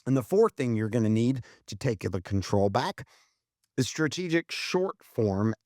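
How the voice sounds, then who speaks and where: A man's voice: mid-range voice, big pitch swings, measured pace, a little mellow, no room sound, studio quality. Blunt, swearing male podcast host. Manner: blunt, profane, emphatic, lays out numbered tips. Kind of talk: casual marketing podcast talk.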